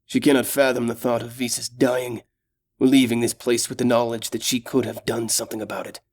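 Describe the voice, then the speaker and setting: A man's voice: medium pitch, level tone, a little fast, a little mellow. Man narrating a fantasy audiobook.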